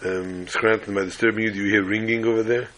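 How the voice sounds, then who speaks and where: A bright-toned man, clear and forward in his voice, leads a class over a video call. He tells a story in an unhurried way and drops in corny jokes as he goes. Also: on the low side, level tone, rough recording. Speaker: rabbi teaching a class.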